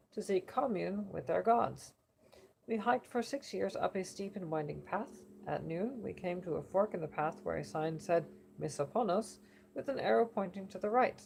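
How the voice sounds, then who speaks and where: A woman reading a book passage aloud for elocution practice, steady and careful with occasional slips. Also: lowish voice, vocal fry, a little hiss or hum, poor audio. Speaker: reader.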